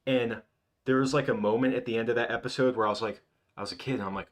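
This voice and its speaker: A man's voice: medium pitch, steady tone, fast talker. A man in his twenties hosting a casual livestream, rambling and reminiscing with lots of restarts. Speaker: livestream host.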